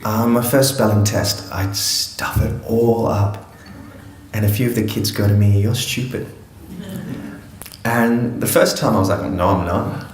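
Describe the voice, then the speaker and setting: A man's voice: fairly low pitch, fairly even intonation, moderate pace, roomy sound, slight background noise, poor audio. A man from Afghanistan telling his life story to an audience in an earnest, reflective way, with touches of humor.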